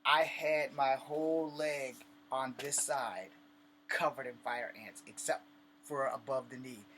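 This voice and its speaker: A man talks straight to camera in a blunt, cursing, conversational way, acting out the scene as he goes. His pitch sits in an ordinary middle range, and faint noise runs underneath. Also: fairly even intonation, a little slow, a bit bright. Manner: blunt and profane. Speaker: vlogger. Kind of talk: casual rant and storytelling to camera.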